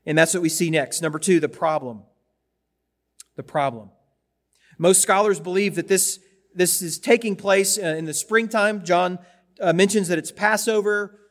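A man preaches with a high-pitched voice, talking like he is chatting with his congregation, repeating words as he goes. A long reverb trails each phrase, like a large sanctuary. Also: normal speed. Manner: conversational, with repetitions and asides to the congregation. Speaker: pastor. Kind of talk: sermon.

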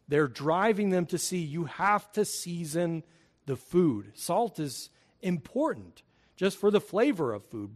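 A middle-aged man preaching a sermon as a pastor, earnest and emphatic, leaning hard on key words. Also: sits high.

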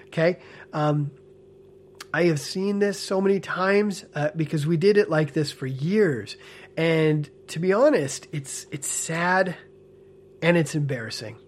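A man in casual spoken commentary, animated and earnest with a smile in his voice, often checking in with "okay?" and "right?". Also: on the high side, measured pace. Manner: animated, frequent tag questions like "okay?" and "right?"; talks with a smile, amused and earnest. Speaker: ex-church member commentator.

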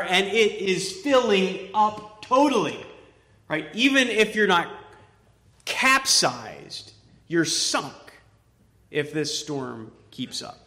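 A pastor delivers a sermon with a bright, forceful edge, painting the scene vividly as he swings from loud urgency down to hushed near-whispers. His voice sits a little high for a man. It rings through a roomy church hall with a long reverb. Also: animated, slow. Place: church stage.

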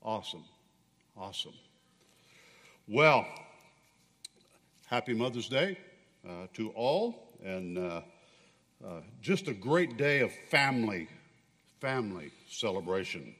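Man pastor, sermon, deliberate, very lively inflection, church hall reverb. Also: fairly low pitch, breathy edge.

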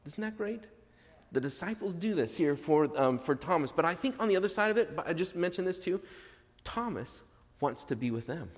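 Animated pastor preaching in a hall. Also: male voice, a little high, a little fast. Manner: conversational, jokey, emphatic repetition. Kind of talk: sermon.

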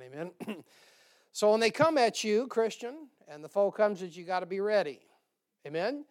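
A man preaching a sermon in a folksy, emphatic way, with joking asides. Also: high voice.

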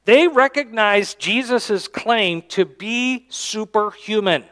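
Pastor guy preaching, highish voice, gets loud then goes quiet and low, reads old-style bible verses. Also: expressive, measured pace. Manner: dynamic preaching, swings from loud emphasis to quiet, low endings; reads scripture aloud in King James wording. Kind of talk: sermon. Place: church sanctuary.

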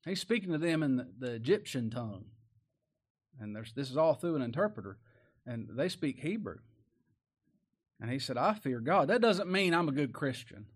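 A man's voice: medium pitch, very animated, moderate pace, long pauses. A man preaching a sermon in a folksy, conversational way, often asking rhetorical questions.

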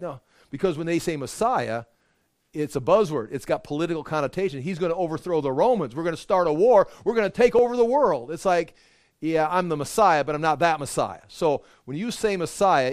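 A man preaching as a pastor, explaining scripture in a conversational, animated way with frequent restarts. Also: on the high side, brisk, no echo, clean studio sound. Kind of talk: Bible study sermon.

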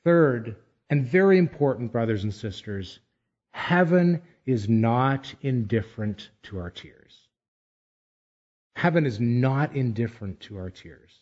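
A man delivers a sermon at an unhurried pace, stressing repeated phrases with earnest emphasis. The recording sounds somewhat dull and muffled. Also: medium pitch, lively intonation, a little mellow. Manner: measured, emphatic preaching with deliberate pauses. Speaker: pastor.

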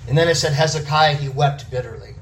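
A man's voice: on the high side, a little fast, a bit bright, far from the mic, a little hiss or hum. Emphatic preaching man, a bit off-mic. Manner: emphatic, repetitive preaching cadence. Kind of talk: sermon.

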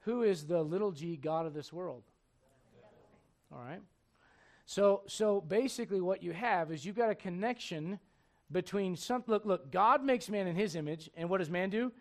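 A man preaching a sermon, telling a Bible story in a lively, conversational way, acting out the characters and asking his listeners questions. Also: high-pitched, normal speed. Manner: animated storytelling, acts out characters, asks the crowd questions. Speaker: pastor.

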